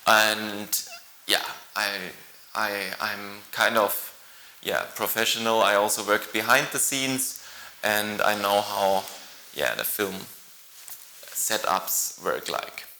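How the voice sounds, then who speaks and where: A male actor introducing himself to camera, halting and playful, with many pauses. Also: fairly low pitch, pushed and bright, echoey room, a little hiss or hum, rough recording.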